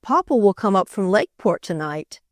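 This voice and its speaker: A woman's voice: mid-range voice, big pitch swings, moderate pace, dry recording, studio quality, close to an everyday voice. A woman voicing an earnest young girl who turns tearful easily, in a storybook reading. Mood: eager.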